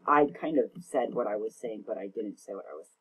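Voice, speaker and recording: A man's voice: fairly low pitch, brisk, slight background noise. A young man casually commenting on his own gameplay, rambling, self-mocking and often tongue-tied. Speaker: gaming channel host.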